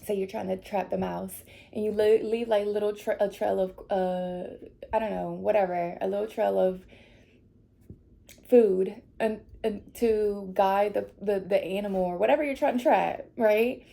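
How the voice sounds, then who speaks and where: Gravelly-voiced tearful woman tarot reader. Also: mid-range voice, fairly even intonation, moderate pace, dark tone. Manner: tearful, laughing through emotion, reassuring. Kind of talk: emotional tarot reading to viewers.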